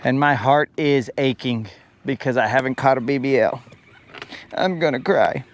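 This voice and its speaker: A man's voice: mid-range voice, steady tone, moderate pace. A man hosting a live fishing stream from a boat on a lake, joking around and teasing his chat viewers with mock-dramatic complaints. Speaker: fishing livestream host. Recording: outdoor live stream with faint boat and water noise.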